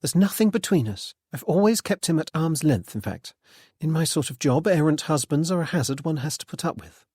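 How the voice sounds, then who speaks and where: A man reading an audiobook, voicing a wary young woman who turns clipped and sharp when challenged. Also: fairly high pitch, lively intonation, brisk, breathy edge, dry recording, studio quality, voice pushed up.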